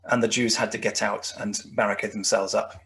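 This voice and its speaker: A man's voice: lowish voice, flat delivery, brisk, a bit bright. A man lecturing on history over slides, with many fillers and restarts as he talks. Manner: rambling, frequent restarts and fillers. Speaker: guest lecturer.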